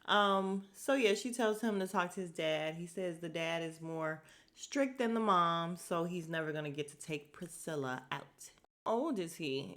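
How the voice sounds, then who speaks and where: A woman's voice: fairly low pitch, unhurried, a bit bright. A woman recapping a reality show on her podcast, blunt and opinionated, with sarcastic asides and exasperated commentary. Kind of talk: casual chat.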